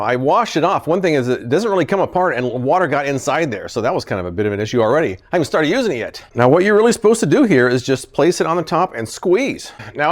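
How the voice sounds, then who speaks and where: A man hosting a casual product-testing vlog, talking animatedly and often sounding exasperated, chuckling when a gadget fails. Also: medium pitch. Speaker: product reviewer, channel host.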